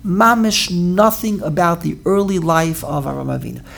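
Woman giving a Bible lesson, fairly low voice, earnest, restarts phrases as she explains. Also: moderate pace, gravelly, a bit bright, slight background noise. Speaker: Torah teacher. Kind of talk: lecturing a Bible class.

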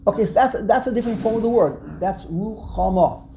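A woman's voice: mid-range voice, expressive, a little fast, a crowd in the background. A woman teaching a Torah text class, explaining word by word, repeating herself and acting out the verses she quotes.

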